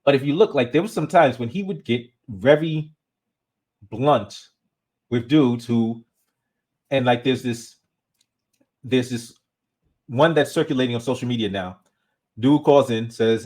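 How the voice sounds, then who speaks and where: A man hosting his own channel, giving casual commentary in a conversational, animated way and often restarting his sentences. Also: medium pitch, measured pace, long pauses. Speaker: channel host.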